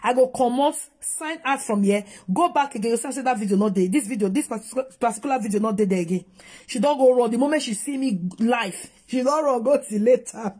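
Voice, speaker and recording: Nigerian Pidgin-accented woman vlogger, higher husky voice, scolds hard while reacting to a clip. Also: brisk, a little mellow. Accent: Nigerian Pidgin English. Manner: scolding, emphatic, switching between English and Pidgin. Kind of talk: reaction commentary on a video.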